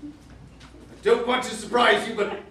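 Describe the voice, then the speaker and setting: A man playing a high-pitched, rambling Victorian author. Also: level tone, normal speed, heavy background noise. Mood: eager. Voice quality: rambling, keeps repeating "yes, yes". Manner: eager, theatrical, bursts into shouts. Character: excitable Victorian male author pitching odd stories. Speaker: sketch comedy actor. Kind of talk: live stage sketch comedy. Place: theater stage with live audience. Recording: echoey theater, distant mic, audience laughter.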